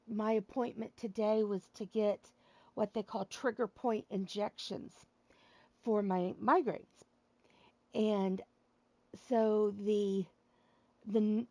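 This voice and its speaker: A woman's voice: medium pitch, dry recording. A woman hosting a wrestling show stream, chatting casually with her audience in a rambling way and laughing at her own jokes.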